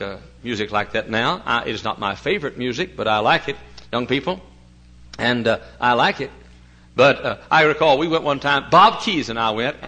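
An older man preaching a sermon, swinging from quiet talk to loud, impassioned preaching, with folksy chatty asides. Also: mid-range voice, low-quality recording.

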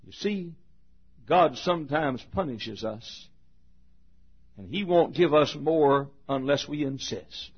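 Male pastor, emotional sermon storytelling; husky, raised pitch; lo-fi muffled recording. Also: slow pace, pauses often. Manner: emotional storytelling with repetitions, shifting volume. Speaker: preacher.

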